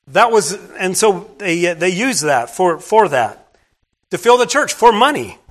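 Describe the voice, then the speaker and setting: A man's voice: high voice, sing-song, a little slow. A man preaching a sermon, retelling a scripture story in a plain, conversational way with asides to the congregation.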